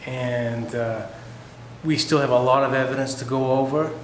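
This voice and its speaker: A man's voice: mid-range voice, fairly even intonation, normal speed, echoey room, a little hiss or hum. Matter-of-fact man hosting a ghost hunt. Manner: plain, matter-of-fact, with some "uh" fillers. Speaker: lead investigator and show host. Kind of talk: ghost-hunt narration and wrap-up. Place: old theater.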